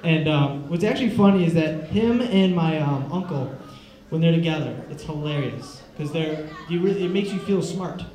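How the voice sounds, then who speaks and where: Young male stand-up, loose and excitable, high-pitched, echoey room with a crowd. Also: normal speed. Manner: rambling, excitable, loose and casual. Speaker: stand-up comedian. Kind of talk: stand-up comedy set.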